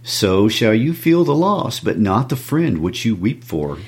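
Stern vengeful noble mother, read by a man in a low husky voice for a class read-aloud. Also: big pitch swings, measured pace, a little mellow, exaggerated voice.

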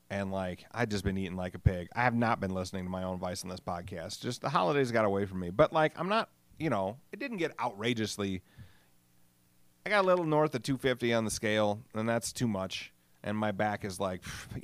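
A man's voice: on the low side, dry recording. A middle-aged man hosting a solo podcast, rambling casually, swearing freely and joking about himself. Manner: rambling, profane, self-deprecating. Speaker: podcast host.

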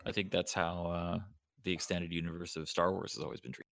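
A man who plays in a tabletop game, chatting casually on a podcast, halting at times, with dry humor. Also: sits low, flat delivery, a bit bright, dry recording.

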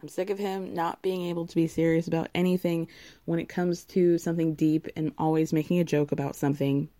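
A woman's voice: low-pitched, flat delivery, a little fast, dark tone, no room sound. A young woman recapping a reality show in casual, sarcastic chat, blunt and swearing freely.

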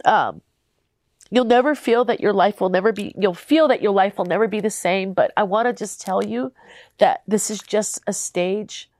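A woman's voice: medium pitch, darkish tone, dry recording. Young adult woman, podcast host. Earnest and tearful at times, speaking straight to her listeners. Dry, close-miked sound. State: crying at times. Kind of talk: heartfelt faith podcast talk.

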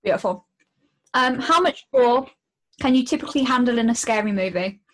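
On poor audio, a young woman co-hosts a casual podcast in a fairly bright, somewhat high voice that moves a little fast. Giggly and blunt, she reads quiz questions aloud and swears freely as they chat.

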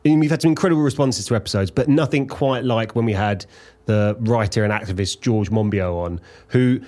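Measured podcast producer, man. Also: on the low side, a little mellow. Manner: measured, promotional, praising the host. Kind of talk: casual chat at a live podcast recording.

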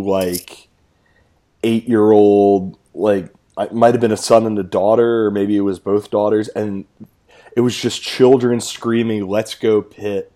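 A man's voice: fairly low pitch, dark tone. A man hosting a casual sports podcast, laughing easily and rambling with restarts. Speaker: podcast host.

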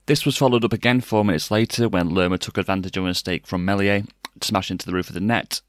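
A man's voice: sits low, fairly even intonation, fast talker, no echo. A man hosting a casual football podcast, talking in a dry, sardonic way. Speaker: podcast host.

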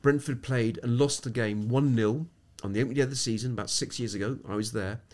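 This podcast interview features a sports psychologist from England, a middle-aged man who reflects and shares anecdotes, frequently starting sentences over. He talks at a quick pace in a mid-range voice with a darkish tone.

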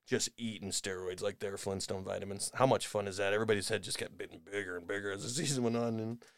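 A man hosting a podcast in a rambling, sarcastic comedic rant, dropping to mutters and rising to shouts. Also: fairly low pitch, fairly even intonation, fast talker, clear, resonant tone, no room sound, studio quality. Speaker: podcast host.

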